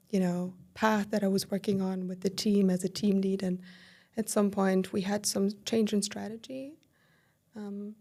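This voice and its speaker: With a mid-range pitch, a woman guesting on a podcast recounts her experience openly and loosely. She fills her talk with fillers and acts out her past thoughts as quoted asides in an animated, conversational way.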